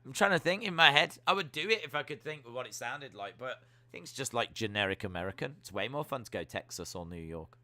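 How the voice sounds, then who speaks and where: A man's voice: medium pitch, lively intonation, fast talker, few pauses, bright, forceful tone. A man hosting a live wrestling watch-along, chatting in a rambling, playful way. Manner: rambling, playful, thinking aloud. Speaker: stream host.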